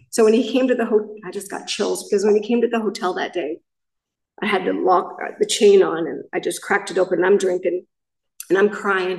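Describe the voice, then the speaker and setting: A woman's voice: mid-range voice, creaky, a little mellow, recorded from a distance. Middle-aged woman, main speaker at a recovery meeting; candid, rambling share with restarts; picked up from afar in a reverberant room. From Southern California. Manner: candid, rambling storytelling with self-corrections.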